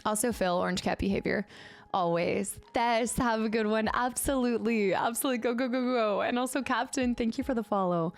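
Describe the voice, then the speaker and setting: An excitable woman streams from her home desk, her fairly high voice bubbling with giggles as she coos to her cat and chats casually with her viewers. Faint film music plays softly behind her. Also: fairly quick. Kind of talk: casual live-stream chat.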